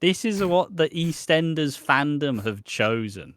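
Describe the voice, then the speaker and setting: A man co-hosting a casual soap opera podcast, joking and acting out characters' lines in a dry, deadpan way. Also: on the high side, measured pace, no echo. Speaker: podcast co-host. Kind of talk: casual chat.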